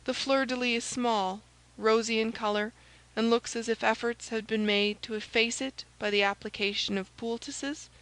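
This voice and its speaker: A woman's voice: a little high, steady tone, moderate pace, a bit bright, natural voice, poor audio. A woman doing a stern, curt musketeer. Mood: grave. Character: stern, phlegmatic older male musketeer.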